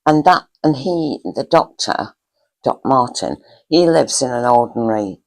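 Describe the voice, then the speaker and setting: A woman's voice: extremely low pitch, expressive, a little slow, vocal fry, a little mellow, poor audio. An older woman hosting a cosy storytelling chat, reminiscing fondly in a rambling, hesitant way with lots of fillers. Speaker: storyteller host.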